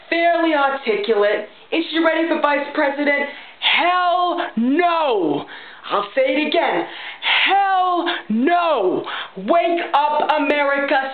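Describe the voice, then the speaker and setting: A woman playing a brash, chain-smoking loudmouth mom. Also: high-pitched. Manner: blunt, ranting, profane, keeps saying okay. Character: brash foul-mouthed chain-smoking middle-aged mother. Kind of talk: character vlog monologue. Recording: tinny phone-like sound in an echoey room.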